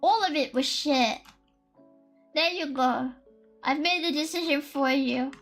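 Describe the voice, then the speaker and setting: A young woman with a very high, bright-sounding voice chats on a live stream, giggling and cursing as she thinks out loud. She talks at an unhurried, drawn-out pace, with faint lo-fi music playing softly behind her. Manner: excitable, giggly and profane, thinking aloud. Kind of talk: casual live-stream chat.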